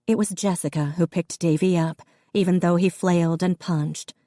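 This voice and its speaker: A woman narrating an audiobook in an even, measured reading. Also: fairly low pitch, no room sound, studio quality. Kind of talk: scripted narration.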